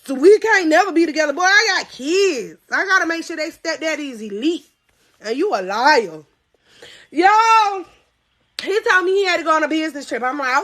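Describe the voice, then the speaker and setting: Live storytime host, woman, 30s, very high bright voice, loud outbursts and hushed asides. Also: moderate pace. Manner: animated, swings from loud cries to low asides. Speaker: podcast storyteller.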